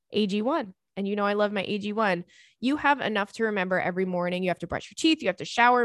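A woman in her thirties hosting a podcast, chatting casually and reading a listener letter aloud in a lively, excitable way with casual swearing. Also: medium pitch, dry recording, clean studio sound. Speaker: podcast host.

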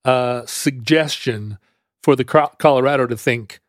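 A man's voice: mid-range voice, measured pace, no room sound, studio quality. A man co-hosting a podcast, telling a history story in a casual, rambling way with many restarts and fillers. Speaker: podcast co-host explaining history. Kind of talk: casual conversational explanation.

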